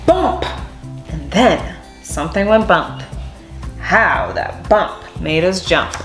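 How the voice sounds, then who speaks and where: A woman reading a children's picture book aloud, with expressive, animated delivery. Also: lowish voice, slow. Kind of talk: read-aloud storytelling. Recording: echoey room, soft music behind.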